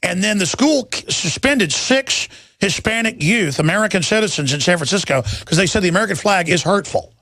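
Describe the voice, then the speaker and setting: Gravelly man, sarcastic rant. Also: lively intonation, fairly quick, bright, forceful tone, no room sound. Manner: ranting, sarcastic, frequent restarts and pitch jumps. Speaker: talk show host. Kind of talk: animated political monologue.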